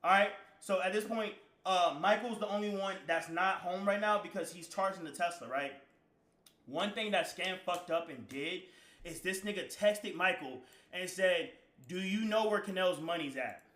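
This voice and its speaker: Streamer man, bright high voice, profane rambling storyteller, echoey room. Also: moderate pace. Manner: profane, slang-heavy, rambling, bursts into shouting. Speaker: live streamer. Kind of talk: casual storytelling to stream chat.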